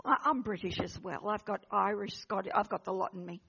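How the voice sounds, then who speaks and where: A woman preaching an impassioned sermon, swinging between loud exhortation and hushed intensity, with frequent restarts. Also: mid-range voice, fairly quick, gravelly, hardly any pauses, breathy edge, highs cut off. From Australia. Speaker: guest preacher.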